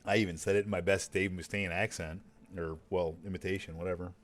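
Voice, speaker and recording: A man's voice: deep voice, steady tone, quick pace. A man chatting casually while streaming a game, rambling and swearing freely in a laid-back way. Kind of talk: casual chat while gaming.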